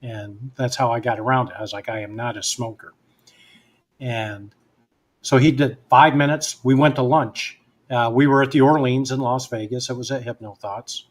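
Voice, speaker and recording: Man of mid pitch, relaxed podcast guest, tells easygoing anecdotes and plays both sides of the dialogue. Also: moderate pace. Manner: relaxed storyteller who acts out both sides of remembered dialogue. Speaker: guest hypnotist. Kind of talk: casual anecdotal storytelling.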